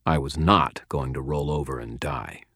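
A man with a very low, deep voice reads first-person fiction in a measured, steady way. The sound is dry and close, with no room around it. His delivery stays even and deliberate as he tells the story. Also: husky, no room sound. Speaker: audiobook narrator.

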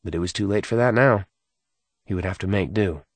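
A man reading a novel aloud as narrator, in a measured and subdued storytelling manner. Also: low-pitched, no room sound. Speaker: audiobook narrator. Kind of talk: scripted narration.

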